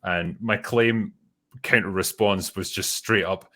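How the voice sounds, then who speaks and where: A man's voice: low voice, fairly even intonation, slow pace, a bit bright. A man hosting a casual panel chat, blunt, swearing freely and laughing often. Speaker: host.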